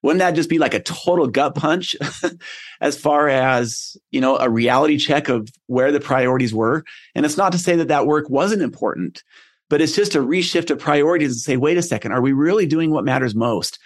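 A man's voice: a little high, moderate pace. Earnest man hosting a motivational podcast. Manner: earnest, storytelling, conversational. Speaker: podcast host.

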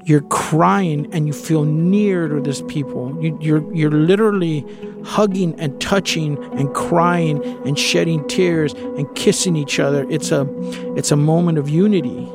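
A man with a slightly high, gravelly voice tells a personal story in a candid, conversational way, now and then swearing. Faint music sits quietly underneath. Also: a little slow.

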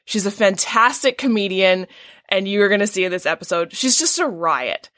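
A woman's voice: medium pitch, expressive, normal speed, a bit bright, dry recording, studio quality. A woman hosting an interview podcast, introducing her guest with effusive praise. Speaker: podcast host.

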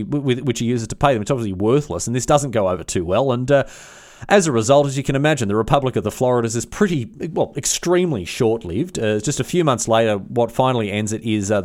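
Man, history podcast host, brisk mid-range voice, irreverent and slangy. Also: mid-range voice, darkish tone. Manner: chatty, irreverent, with frequent restarts and slang. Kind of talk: casual history storytelling.

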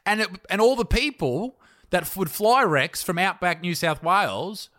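An Australian man in his twenties spins a crude, swearing story for his podcast mates. His voice sits a little higher than most men's. He laughs at his own jokes as he goes. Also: expressive, normal speed, bright, forceful tone. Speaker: podcast co-host. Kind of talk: casual podcast banter.

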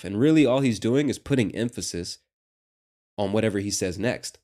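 An American man hosting a lesson, explaining a clip slowly and patiently with casual asides. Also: on the low side, expressive, mellow. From United States. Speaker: host.

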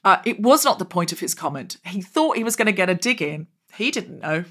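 A woman hosting a comedy podcast over a video call, telling self-mocking stories with lively energy. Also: medium pitch, brisk. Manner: animated, self-mocking storyteller. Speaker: podcast host. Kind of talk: comic conversational chat.

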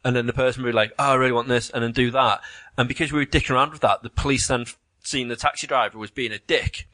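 A man in casual chat about video games, an animated storyteller who swears and mimics voices. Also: mid-range voice, fast, no room sound.

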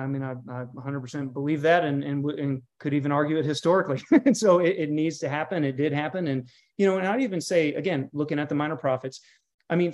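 A pastor in a podcast interview, speaking with a somewhat high voice for a man. He talks in an earnest, emphatic teaching tone. He stacks up repeated phrases the way a preacher does. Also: darkish tone. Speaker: pastor and guest author.

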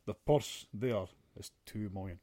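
A man's voice: fairly low pitch, a little slow, warm tone, dry recording, studio quality. A man co-hosting a casual podcast chat, blunt and sweary, ranting with plenty of filler. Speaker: podcast co-host.

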